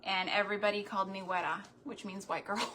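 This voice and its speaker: A woman's voice: mid-range voice, flat delivery, very noisy. A woman from New Mexico with a light Texan accent, chatting casually and folksily as she paints on her homesteading channel. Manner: chatty, folksy, slow and drawn out. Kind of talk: casual chat while painting.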